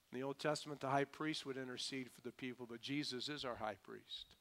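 A man preaching a sermon, his voice rising to emphatic peaks and then dropping to hushed, low lines. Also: fairly quick, hardly any pauses.

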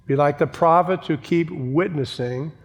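A man's voice: a little high, measured pace. Man preaching a sermon in a reverberant hall. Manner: emphatic preaching with repeated phrases and asides to the congregation. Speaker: pastor. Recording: long church reverb.

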